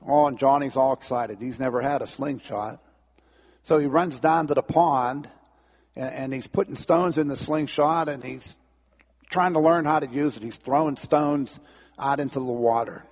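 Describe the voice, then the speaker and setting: A man's voice: mid-range voice, moderate pace. A man preaching a sermon in a folksy, conversational way, in a long church reverb. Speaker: pastor. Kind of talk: sermon with storytelling.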